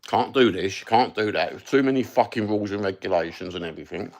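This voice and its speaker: A man's voice: on the low side, fast, gravelly, a little mellow, slight background noise. A man with a Cockney accent hosting a livestream, chatting casually and rambling between topics with plenty of swearing. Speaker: livestream host.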